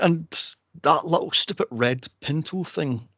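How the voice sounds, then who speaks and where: A man hosting a movie podcast in casual chat, animated and laughing often as he acts out quotes. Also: mid-range voice, moderate pace, dry recording, highs cut off. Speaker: podcast host.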